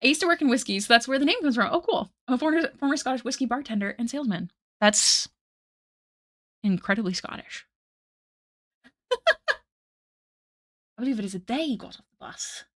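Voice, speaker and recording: A woman's voice: fairly high pitch, animated, fairly quick, pauses often, a bit bright, no echo, clean studio sound. A young woman chatting casually with her stream while she draws, rambling and self-deprecating as she reads chat aloud at night. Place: home room at night. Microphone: desk mic.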